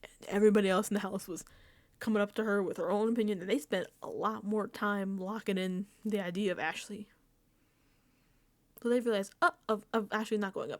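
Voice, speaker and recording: This is a casual, animated reality-show recap from a woman host with a medium-pitched voice, who laughs frequently and sounds exasperated.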